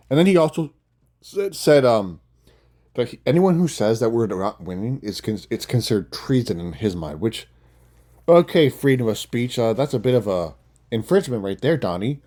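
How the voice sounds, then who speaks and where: A man's voice: mid-range voice, expressive, moderate pace, dark tone. A young man ranting casually and bluntly into his phone, swearing often and making mocking asides. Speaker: commentator. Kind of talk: casual political rant.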